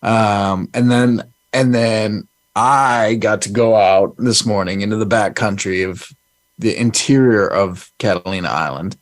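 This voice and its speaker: A man's voice: fairly low pitch, a little slow, no room sound. A man co-hosting a live call-in show, easygoing and rambling as he tells a story. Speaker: co-host. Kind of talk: casual chat.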